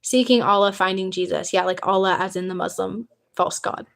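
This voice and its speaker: A young woman from the United States talks on her phone livestream in a casual, eager way. She rambles a little and answers viewers' questions as she goes. Her voice sits at a middle pitch. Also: fairly even intonation, a little fast, vocal fry. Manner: chatty, eager, reads out chat questions. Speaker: livestream host.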